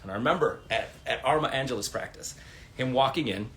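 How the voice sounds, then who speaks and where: With a medium-pitched voice that moves fairly fast over a faint hiss or hum, a man in his forties livestreams from home on his phone. He rambles and curses his way through lively stories in a casual monologue to his viewers.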